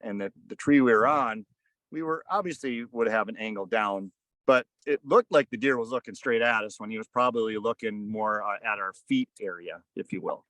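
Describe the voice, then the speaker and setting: A man's voice: on the low side, normal speed, fairly bright tone, dry recording. A man in his thirties or forties, a podcast guest, telling a casual story in a rambling way full of "kinda" and "like.". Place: on a fishing boat.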